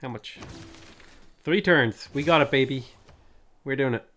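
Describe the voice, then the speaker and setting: A man's voice: mid-range voice, measured pace, fairly bright tone, a little hiss or hum. Tired-voiced joking male streamer. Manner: joking, reads chat aloud, hums tunes. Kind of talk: casual livestream chat while gaming.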